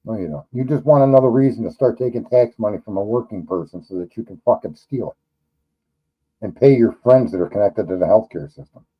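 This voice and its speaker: A man's voice: on the low side, fairly quick, slightly rough, muffled recording. Blunt, profane New man. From New York. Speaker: livestream host. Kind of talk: casual livestream chat.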